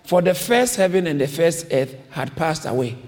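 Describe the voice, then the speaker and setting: A man's voice: on the high side, animated, moderate pace, a little mellow. A man preaching a sermon, emphatic and repetitive, calling on the congregation to repeat his lines. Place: church hall. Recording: long reverb of a large hall.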